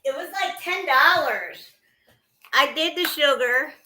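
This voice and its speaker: Chatty bright-voiced woman cooking on stream. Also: sits high, expressive, takes it slowly, low-quality recording. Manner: chatty, greets viewers mid-sentence, trails off. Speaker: vlogger cooking on a livestream. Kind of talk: casual chat while cooking.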